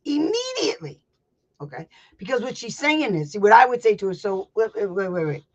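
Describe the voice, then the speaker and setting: With a voice on the high side that swings hugely in pitch, this woman talks fairly quickly while hosting a casual teaching chat as a special education advocate. She's blunt, a bit salty, prone to rambling, and laughs a lot. The sound quality is slightly dull lo-fi.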